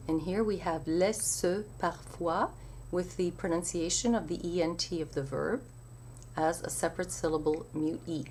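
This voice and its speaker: A woman teaching the recitation of French poetry, explaining each rule with slow, careful enunciation. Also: on the low side, fairly even intonation, darkish tone, slight background noise. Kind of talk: spoken lesson with recitation.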